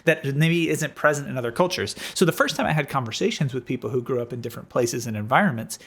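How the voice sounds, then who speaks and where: A man's voice: medium pitch, quick pace, fairly bright tone. A man co-hosting a podcast, talking through his thoughts in a reflective, earnest way. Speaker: podcast co-host. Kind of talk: casual podcast chat.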